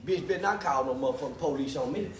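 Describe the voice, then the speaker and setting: A man voicing a gruff uncle, low muttered growl, threatening. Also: quick pace, echoey room, natural voice. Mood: menacing.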